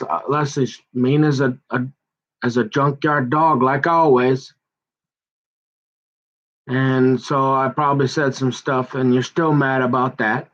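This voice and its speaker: A man of middle pitch rants through a grievance at length, stumbling over his words and circling back on himself. His voice comes through a dull, muffled, lo-fi recording. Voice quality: aggrieved, halting, full of restarts and stumbles. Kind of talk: rambling personal monologue.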